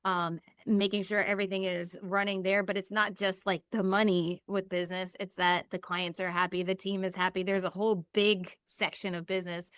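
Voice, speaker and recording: A woman guest talking earnestly and upbeatly in a casual podcast conversation, often with a soft laugh. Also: medium pitch, little pitch movement, normal speed, hardly any pauses, clear, resonant tone, no echo, studio quality.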